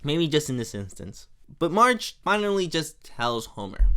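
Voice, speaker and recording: Chatty young man recapping with lively pitch. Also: smooth. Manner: chatty, laughs often, acts out quotes in quick voices. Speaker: podcast host. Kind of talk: casual episode recap.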